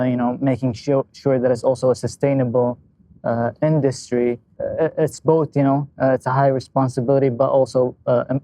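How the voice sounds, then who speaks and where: A man from Saudi Arabia, a filmmaker, speaking in a measured, hesitant way in a roundtable discussion. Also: medium pitch, dark tone, no echo. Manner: measured, hesitant, many fillers.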